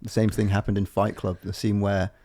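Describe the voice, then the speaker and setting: A man's voice: on the low side, flat delivery, a little fast, warm tone. A man co-hosting a podcast, rambling from tangent to tangent in casual, sweary chat. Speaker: podcast co-host.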